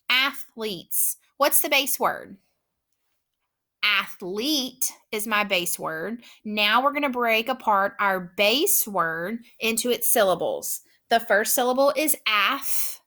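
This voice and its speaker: A woman teaching a phonics lesson, patiently sounding out words slowly and clearly. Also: a little high, pushed and bright. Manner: patient, encouraging.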